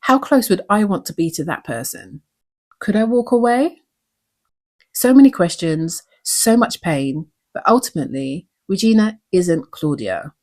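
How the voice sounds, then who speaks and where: A woman's voice: medium pitch, lively intonation, unhurried, darkish tone. A woman hosting a recap show, talking in an earnest, reflective way and asking many questions. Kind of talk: recap commentary.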